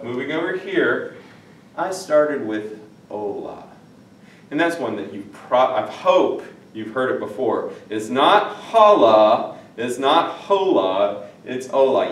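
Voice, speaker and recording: A male Spanish teacher gives a recorded lesson in a chatty way, repeating phrases and checking in with listeners. His voice is medium-pitched, with slight background noise, an echoey room, and a distant mic.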